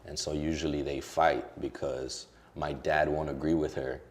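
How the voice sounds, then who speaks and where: Very deep-voiced young man, candid. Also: fairly even intonation, measured pace, a little mellow. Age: young adult. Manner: emotional, casual, heavy on fillers. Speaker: social media creator as guest. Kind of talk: candid interview conversation.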